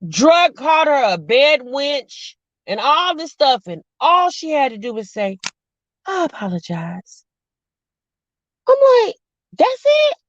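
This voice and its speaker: A woman's voice: high-pitched, big pitch swings, takes it slowly, pauses often, a bit bright, dry recording. A woman hosting a casual chat stream, sassy and talkative. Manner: chatty, sassy, addresses viewers as sis and y'all. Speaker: show host reacting to reality TV. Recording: dull lo-fi dry sound.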